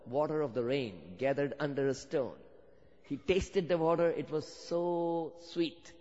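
A male preacher tells a story, his slightly high voice rising into fervent emphasis. The sound is dull and muffled. A long reverb trails behind him, as in a large hall. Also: a little slow, darkish tone. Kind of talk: sermon.

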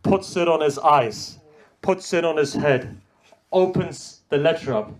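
A man giving an impassioned mourning sermon, swinging between loud cries and hushed tones and using Arabic religious terms. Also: a little high, a little slow. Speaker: religious reciter.

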